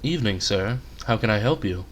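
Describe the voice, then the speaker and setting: A man's voice: lowish voice, animated, fairly quick, slight background noise, close to an everyday voice. A man doing a silky, eerie bartender. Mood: polite. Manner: polite and quietly mocking.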